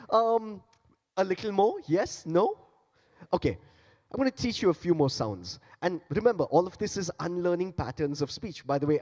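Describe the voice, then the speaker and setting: A man's voice: on the high side, darkish tone. A man giving a playful stage talk on beatboxing, coaxing the audience to join in. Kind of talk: interactive stage talk and demonstration. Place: large conference hall. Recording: long hall reverb.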